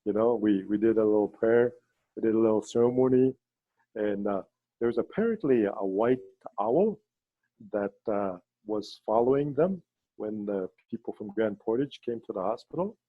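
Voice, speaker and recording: A man leading a ceremony, telling stories in a halting way with many fillers and restarts, over a video call. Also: lively intonation, no room sound, phone-quality sound. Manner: halting, with many fillers and restarts, voices quoted people in a higher pitch. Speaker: ceremony leader and storyteller. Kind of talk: storytelling talk on a video call.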